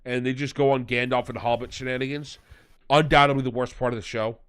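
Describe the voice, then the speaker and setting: A man's voice: medium pitch, fairly even intonation, quick pace, a bit bright, clean tone, no echo. A man hosting a podcast, recapping and mocking a fantasy series in casual, rambling, sarcastic chat. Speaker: podcast host.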